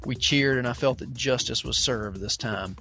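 A man hosting a gaming podcast at a middle pitch, reading out a listener's tale and joking with his co-host. Soft music plays faintly behind him. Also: normal speed, gravelly. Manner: reads a listener's story aloud, then chats with laughing asides. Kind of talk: casual gaming podcast chat.

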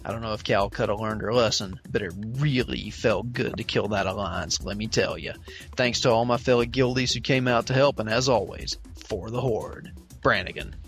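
A man's voice: fairly low pitch, normal speed, a bit bright, soft background music. Man chatting on a gaming podcast. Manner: reads a listener's story aloud, then chats with laughing asides. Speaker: podcast host. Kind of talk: casual gaming podcast chat.

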